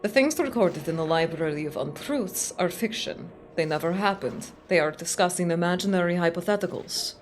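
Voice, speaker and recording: A woman voicing a composed, guarded man of authority in a video game, speaking in a measured, formal and cryptic way, a little lower and softer than her own voice. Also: lightly acted. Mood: cool, guarded.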